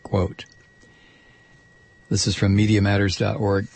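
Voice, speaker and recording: A man's voice: fairly low pitch, completely flat delivery, takes it slowly, gravelly, pauses often, a little mellow, slightly rough, no room sound. A man hosting a political talk show, ranting with indignant sarcasm. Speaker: radio talk host. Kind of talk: political commentary monologue.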